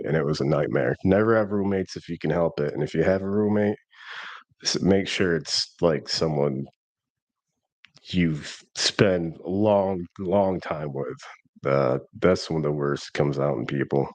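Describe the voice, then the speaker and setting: A man's voice: rumbling low, moderate pace, no room sound. A man in his thirties telling a rambling, self-deprecating personal story in a casual vlog. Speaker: vlogger.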